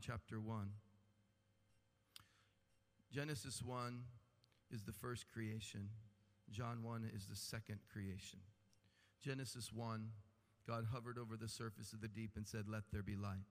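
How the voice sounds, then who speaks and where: A man preaching a sermon with animated delivery and humorous asides. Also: lowish voice, unhurried. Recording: long hall reverb.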